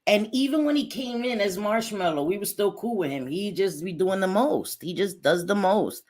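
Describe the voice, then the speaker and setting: A woman's voice: medium pitch, normal speed, darkish tone. A young woman hosting a casual livestream, chatty and sassy, dropping Spanish phrases and apologizing between rants. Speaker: livestream host.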